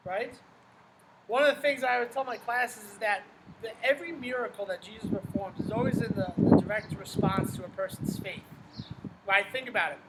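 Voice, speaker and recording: Standing under an umbrella in the rain, a religion teacher gives a casual outdoor Bible lesson, conversational and full of rhetorical questions, often saying "right?" His voice is high and brisk against a noisy background.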